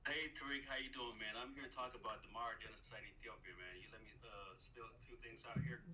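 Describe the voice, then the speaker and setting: Male caller, mid pitch, halting, with lots of fillers. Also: steady tone, sharp tone, low-quality recording.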